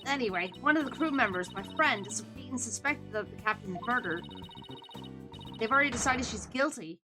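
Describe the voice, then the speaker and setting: A woman's voice: on the high side, expressive, normal speed, lightly acted. A woman voicing an earnest young female aquarium performer who pleads for help, read over game music. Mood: pleading. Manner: earnest, pun-loving.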